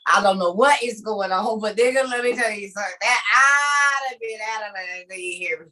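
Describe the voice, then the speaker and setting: A woman preaching in a lively, conversational way on a video call. She acts out scenes as she tells them, laughs often and keeps turning to her listeners with emphatic repeats. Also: medium pitch, moderate pace. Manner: emphatic and repetitive, addressing listeners directly. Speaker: speaker leading an online group meeting.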